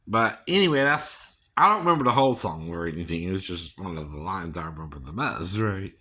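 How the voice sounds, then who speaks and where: Guy rambling on his vlog, pitch swinging all over, laughs a lot and keeps asking right?. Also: bright, forceful tone, slightly rough. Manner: chuckles often, tags lines with "right?". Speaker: vlogger and singing impersonator. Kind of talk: rambling casual monologue.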